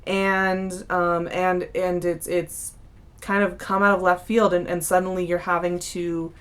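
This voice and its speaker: A young woman talks through a tarot spread in a loose, chatty way, often restarting her sentences. Her voice sits a bit low for a woman. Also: level tone, measured pace, clean tone. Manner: chatty, warm-hearted, many fillers and restarts. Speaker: tarot reader. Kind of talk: casual monthly tarot reading.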